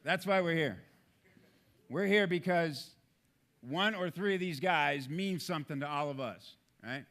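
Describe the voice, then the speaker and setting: Jokey, animated male keynote speaker. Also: on the high side, a little slow. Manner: jokey, animated, many fillers. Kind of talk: comedic keynote talk.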